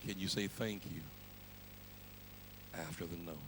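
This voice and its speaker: A male pastor preaching a sermon, moving from quiet, pleading passages to shouted, half-sung climaxes, with a Black church cadence. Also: low voice, steady tone, unhurried, noisy background.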